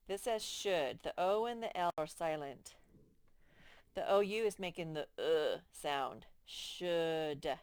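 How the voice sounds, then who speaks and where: Woman, first-grade phonics teacher, slow drawn-out words, lowish smooth voice. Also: no echo. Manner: slow, clearly stretched-out words for children. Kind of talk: slow, patient phonics lesson to young children.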